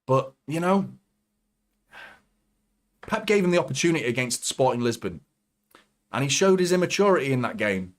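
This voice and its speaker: A man hosting a live football watchalong, commentating as a fan and swearing a lot as he swings from nervous muttering to shouting. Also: mid-range voice, very animated, moderate pace, long pauses.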